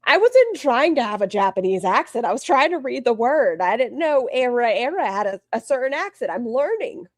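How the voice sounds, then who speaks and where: A woman's voice: on the high side, very animated, moderate pace, hardly any pauses, no echo, clean studio sound. A woman co-hosting a live reaction stream, chatting casually with sarcastic jokes. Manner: sarcastic, joking. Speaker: co-host.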